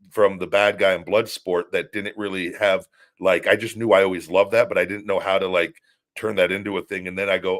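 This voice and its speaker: A man's voice: deep voice, fairly even intonation, normal speed, a bit bright. A middle-aged man hosting a casual podcast, telling long stories with many restarts and repeated words. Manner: rambling storytelling with many restarts. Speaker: show host, former wrestler.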